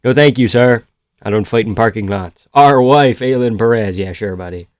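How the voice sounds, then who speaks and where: A man doing casual, profane live-stream commentary on a fight from a room in his house. He shouts at big moments and talks low between them. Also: normal speed, no echo, studio quality. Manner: excitable, profane, yells at the screen then chats quietly.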